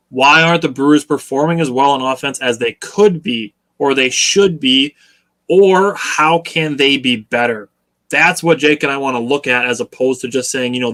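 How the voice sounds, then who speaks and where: A man with a bright, slightly tense voice co-hosts a casual sports talk show. He explains things in a measured, patient way and nudges his listeners toward a level-headed view. His delivery stays conversational. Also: mid-range voice. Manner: measured, explanatory, coaching listeners to stay even keel. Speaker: podcast co-host.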